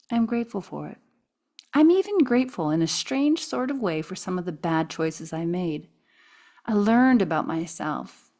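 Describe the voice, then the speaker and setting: A woman with a somewhat low voice reads from her own memoir in the first person. Her telling is expressive, and she slips into soft whispers at the quiet, tender moments. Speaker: author reading her own book. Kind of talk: memoir reading.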